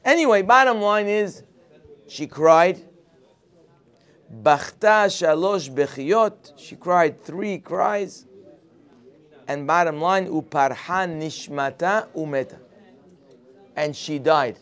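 A man's voice: a little high, takes it slowly, long pauses, fairly bright tone, clear, resonant tone. A man teaching a morning Torah class, telling the story expressively and mixing Hebrew quotes with English. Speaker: religious teacher.

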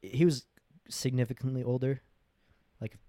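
A man's voice: mid-range voice, fairly even intonation, moderate pace, mellow, dry recording. Profane young man in a dry room. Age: 20s. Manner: profane, laughing, slangy. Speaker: podcast host. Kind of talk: crude casual storytelling.

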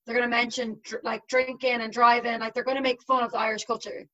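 A fairly high-voiced young woman in her twenties chats easily as an interview guest, filling her talk with little fillers. The recording sounds a bit dull and lo-fi. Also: level tone, fast talker, fairly bright tone. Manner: chatty, uses many fillers. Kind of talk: casual conversation.

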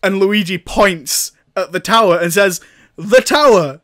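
A man's voice: high-pitched, fairly even intonation, unhurried, pushed and bright, dry recording, studio quality. A man casually recapping a film, rambling and amused, with sarcastic asides and frequent laughter. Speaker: film reviewer.

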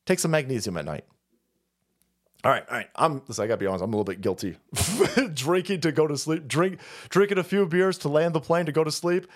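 A man's voice: fairly high pitch, animated, fast talker. A man hosting a live stream, ranting in profane, mocking comedic commentary and laughing often.

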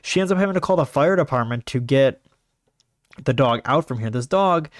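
Man, rambling talk, lots of restarts and fillers, medium pitch, dry room. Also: normal speed, no echo. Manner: meandering, many fillers and restarts, animated pitch jumps. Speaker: podcast host. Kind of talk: casual rambling monologue.

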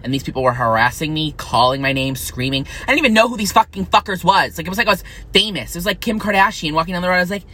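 A young man in college, venting in a profane, angry, unfiltered rant to camera that swings into high, shrill outbursts. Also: expressive, racing, few pauses, sharp tone. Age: young adult. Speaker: vlogger.

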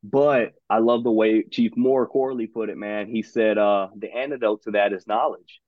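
An enthusiastic man hosts a casual podcast chat, tossing "man" into almost every thought. His voice sits fairly low. It comes through a dry, narrow, phone-like line. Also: steady tone, moderate pace, dry recording. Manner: enthusiastic, says "man" a lot. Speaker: podcast host. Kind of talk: casual conversation.

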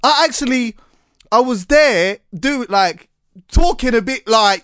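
A podcast host with an extremely high-pitched voice tells stories slowly in a casual chat, animated and full of London slang and restarts. The recording is studio quality with no echo.

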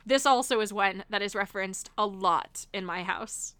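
A young woman co-hosting a casual chat, giggly and animated, swearing casually as she talks. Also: mid-range voice, moderate pace, smooth, no room sound.

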